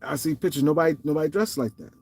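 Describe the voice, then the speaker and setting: New york guy rambling on his stream, slangy, repeats himself a lot, voice a bit on the high side. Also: rapid-fire, slightly rough. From Harlem, New York. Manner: rambling, repetitive, loose slangy delivery. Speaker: show host. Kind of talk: casual livestream commentary.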